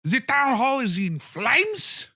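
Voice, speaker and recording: A man voicing a pompous male town mayor who is loud, whiny and accusing. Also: very high-pitched, big pitch swings, takes it slowly, slightly rough, pitched above the performer's own voice, full character voice. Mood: outraged.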